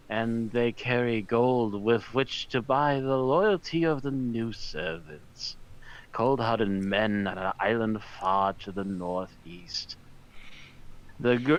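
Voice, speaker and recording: A man's voice: mid-range voice, lightly acted, rough recording. A man voicing a snaky, menacing male villain, reading archaic game dialogue aloud with slips and restarts.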